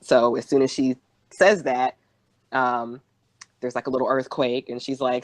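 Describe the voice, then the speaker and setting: A woman's voice: extremely low pitch, unhurried, pauses often, no room sound. Laughing woman recapping a show, dry sound. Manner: laughs often, acts out quotes in voices. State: out of breath. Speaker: podcast co-host. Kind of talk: casual chat, recapping a TV episode.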